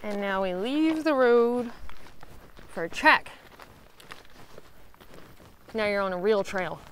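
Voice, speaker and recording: A woman's voice: medium pitch, expressive, takes it slowly, a little hiss or hum. A woman from Alabama with a Southern accent, chatting in a casual vlog while hiking a rural trail. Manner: chatty, upbeat. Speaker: vlogger.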